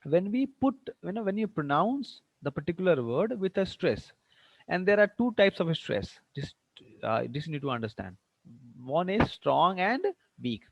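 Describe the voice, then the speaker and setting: A man with an Indian English accent teaches a lesson and keeps asking his students questions. His voice sits a little high. The recording is dry and somewhat muffled, like a close mic with a narrow range. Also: big pitch swings, normal speed, creaky, no echo. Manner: questioning, repeats himself, mixes in Hindi phrases. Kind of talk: online classroom lecture.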